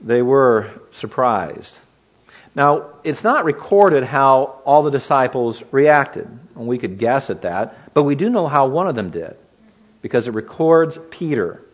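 Animated male preacher. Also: mid-range voice, unhurried. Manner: animated, rhetorical questions. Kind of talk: expository sermon.

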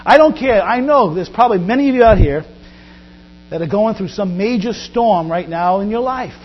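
A man preaching a sermon in a church, swinging widely between loud and quiet. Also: animated, normal speed. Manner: preaches with big swings in pitch and loudness. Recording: dull lo-fi recording with mains hum.

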